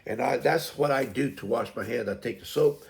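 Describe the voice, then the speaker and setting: A man's voice: medium pitch, brisk, creaky. A man in his fifties hosting a live stream, chatting casually in a folksy, meandering way with lots of fillers and restarts. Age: 50s. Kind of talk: rambling casual chat.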